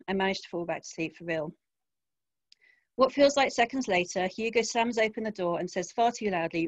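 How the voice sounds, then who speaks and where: A woman's voice: mid-range voice, no echo. Woman reading first-person crime fiction. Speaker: author reading. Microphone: home computer mic, video call.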